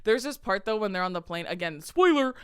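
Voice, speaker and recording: A woman's voice: mid-range voice, lively intonation, fairly quick, smooth, no room sound, studio quality. A woman, co-hosting a casual podcast chat, telling stories animatedly, swearing and acting out quotes. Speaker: podcast co-host.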